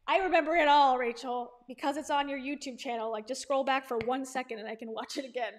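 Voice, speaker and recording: A woman with a notably high voice talks through a reaction commentary in a loose, chatty way. She leans sarcastic and drops laughing asides between points. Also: fairly even intonation, fast, a little hiss or hum. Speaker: commentary host.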